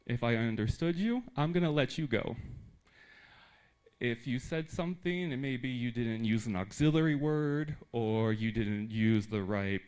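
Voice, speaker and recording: A young American man giving a live presentation to teachers in a theater, lively and joking with the audience. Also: mid-range voice. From United States. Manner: animated, talks with humor and audience asides. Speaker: conference speaker.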